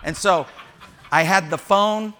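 A man's voice: high-pitched, slow pace, sharp tone. A man preaching a sermon in church as pastor, candid and frank, with joking asides and quoted dialogue.

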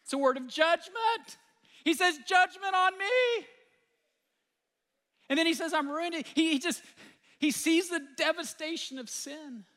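A man preaches with an animated, chatty delivery, his voice high for a man and bright in tone. His words ring out through the long reverb of a large hall. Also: measured pace, pauses often. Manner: animated, conversational preaching with many fillers. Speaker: pastor. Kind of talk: sermon.

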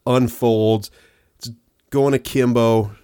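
A man's voice: medium pitch, fairly even intonation, slow pace, warm tone, clear, resonant tone, no room sound, clean studio sound. A man casually recapping a film on a podcast, laughing and acting out quoted lines as he goes. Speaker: podcast co-host. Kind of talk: casual movie recap chat.

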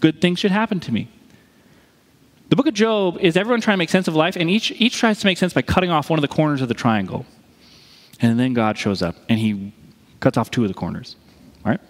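A man preaching a sermon as pastor, speaking in a lively, conversational way and acting out quoted lines. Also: on the high side, a little fast, pauses often. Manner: animated, conversational, acts out quotes. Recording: reverberant hall.

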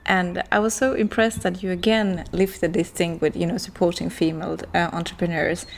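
A woman's voice: fairly low pitch, level tone, normal speed, creaky. A woman hosting a podcast interview, asking follow-up questions in casual chat. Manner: responsive, asks follow-up questions. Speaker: podcast host.

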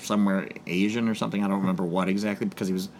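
A man in a casual movie discussion, talking in a measured way with hedging asides that trail off. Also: sits low, little pitch movement, darkish tone, a little hiss or hum.

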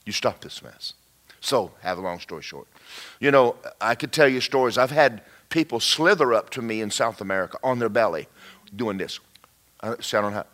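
A man preaching a storytelling sermon, folksy and animated, with joking asides and sudden shouts. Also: medium pitch, a little fast.

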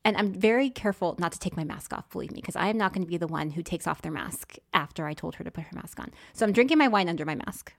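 A woman co-hosting a podcast, telling a story in a casual, animated way and acting out what people said. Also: on the low side, fast talker, vocal fry, hardly any pauses. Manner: animated, acts out voices, laughs often. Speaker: podcast co-host.

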